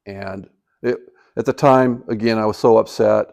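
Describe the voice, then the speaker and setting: A man's voice: on the low side, fairly even intonation, normal speed, gravelly, darkish tone. An older man in retirement telling a personal story in a casual, rambling way, with many fillers and restarts. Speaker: vlogger telling life stories.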